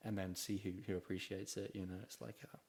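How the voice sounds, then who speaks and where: Man, low-ish voice, easygoing interview host, casual chat. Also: flat delivery, fast, creaky, a little mellow. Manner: laid-back, lots of "yeah, man" and laughter. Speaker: podcast host.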